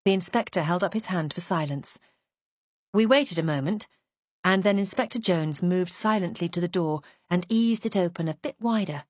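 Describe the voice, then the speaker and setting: A woman's voice: lowish voice, no echo. Woman narrating a mystery, dry and close. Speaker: audiobook narrator. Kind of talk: first-person mystery narration.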